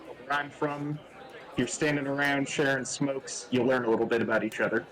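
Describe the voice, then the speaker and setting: A laid-back smoker voiced by a man, easygoing and dryly content as he watches others squabble. Mid-pitched and casual. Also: a little fast, a faint crowd, natural voice, rough recording. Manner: relaxed, dry, content. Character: laid-back male smoker, amused bystander.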